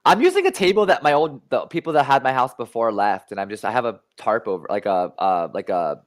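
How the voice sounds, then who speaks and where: A man's voice: medium pitch, big pitch swings, brisk. A young man hosting a casual podcast livestream from an unfinished home studio on a desk mic, brash and profane, rambling with lots of fillers. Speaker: podcast host.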